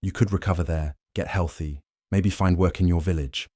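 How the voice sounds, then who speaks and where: A male narrator voicing James, a young blacksmith who speaks quietly and states facts plainly. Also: low voice, fairly even intonation, normal speed, no room sound, studio quality. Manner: quiet, matter-of-fact.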